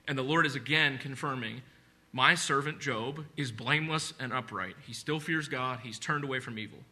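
A man's voice: medium pitch, moderate pace, pushed and bright. A man preaching a sermon, speaking earnestly and conversationally with repeated phrases and asides. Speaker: pastor.

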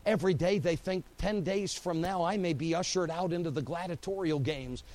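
A man preaching a sermon as pastor. He swings from hushed, slow lines to loud, driving buildups and repeats phrases in rising, rhythmic runs. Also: high-pitched, low-quality recording.

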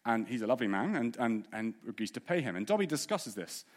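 Male preacher, mid-pitched voice, earnest and questioning, direct with the congregation. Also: sing-song, fast. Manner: earnest, with rhetorical questions and audience asides. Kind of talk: sermon.

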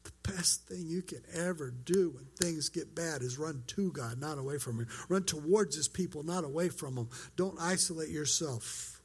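Pastor guy preaching, kinda high voice, talks like he's chatting with the room. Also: moderate pace, few pauses, slightly rough. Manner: earnest, conversational preaching with acted-out quotes. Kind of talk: sermon.

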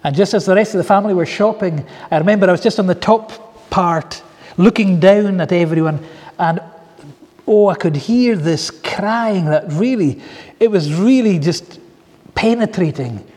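A man preaches a sermon, with a slightly raised, mellow voice and a touch of huskiness. He tells his stories in an earnest, heartfelt way. The sound carries the long reverb of a large hall. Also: high-pitched, moderate pace. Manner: earnest storytelling with soft asides. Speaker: pastor.

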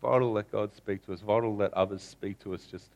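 A man's voice: on the low side, fairly even intonation, fast talker, vocal fry, a little mellow. A man preaching a sermon in a conversational way, stumbling over restarts and repeating key lines. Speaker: pastor.

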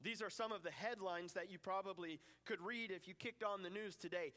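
A man giving a lively sermon with playful asides, preaching to a gathering. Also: sits high, normal speed, few pauses. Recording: reverberant hall.

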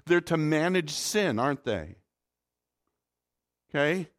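Male pastor, fairly high voice, chatty sermon full of rhetorical questions. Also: animated, takes it slowly. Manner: conversational preaching with rhetorical questions to the congregation.

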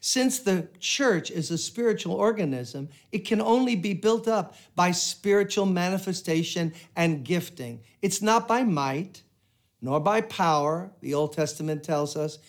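Older man, preaching, fairly high voice, earnest, emphatic prayers. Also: lively intonation, a little slow. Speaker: pastor. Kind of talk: sermon.

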